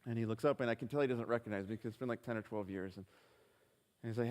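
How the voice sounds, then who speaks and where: A man's voice: medium pitch, steady tone, quick pace. A man preaching a sermon, telling a personal story earnestly and acting out the dialogue with hesitant restarts. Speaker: pastor. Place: church hall. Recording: live stream in reverberant hall.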